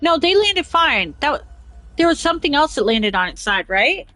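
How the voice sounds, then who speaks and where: High pitched woman host rambling n giggling, dead dry room. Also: sing-song, moderate pace, bright, forceful tone, dry recording, poor audio. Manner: rambling, giggly, talks over herself. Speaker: podcast host. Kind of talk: casual chat reading news aloud.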